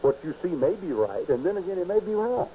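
A man preaching a sermon, emphatic and rising to loud peaks on key points. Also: high-pitched, big pitch swings, fast. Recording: dull lo-fi recording with faint hiss.

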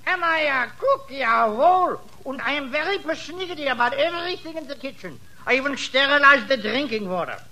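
A fussy, pompous German cook. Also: male voice, extremely high pitch, lively intonation, brisk, few pauses, pushed and bright, a little hiss or hum, full character voice, rough recording. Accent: German-accented English. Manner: pompous, rambling and muddled. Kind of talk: 1940s radio comedy acting.

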